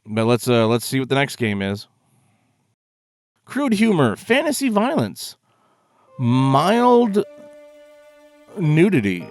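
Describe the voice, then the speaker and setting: A man's voice: mid-range voice, wildly swooping pitch, slow, pauses often, faint music behind. A man reacting to game trailers, swearing often and rambling in exasperated commentary. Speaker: gaming video host.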